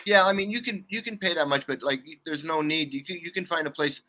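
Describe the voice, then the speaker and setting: A man's voice: a little high, fast talker, bright, forceful tone, slight background noise. A middle-aged man telling a rambling travel story in casual chat, laughing often and restarting his sentences.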